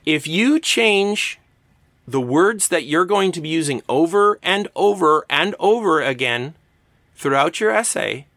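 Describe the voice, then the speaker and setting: A male writing instructor lectures with a bright, forceful voice that leaps around in pitch. His delivery is emphatic and playful. The sound is close and dry, with no room echo. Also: expressive, measured pace. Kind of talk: recorded lecture.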